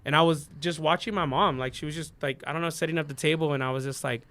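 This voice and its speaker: A man's voice: fairly high pitch, quick pace, a bit bright. A man in his thirties, a DJ guest on a podcast, telling his story in an earnest, rambling way full of "like" and "you know what I mean.". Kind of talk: casual storytelling interview.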